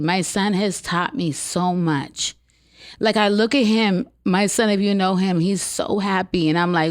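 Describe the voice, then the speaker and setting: A woman's voice: medium pitch, fairly even intonation, a little slow. A woman in her fifties talking earnestly and bluntly in a casual podcast chat, swearing freely.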